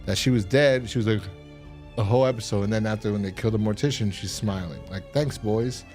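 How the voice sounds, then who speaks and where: A man co-hosting a podcast, casually recapping a horror episode with lots of restarts and sudden loud mock voices. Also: on the low side, steady tone, fast, faint music behind. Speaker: podcast co-host.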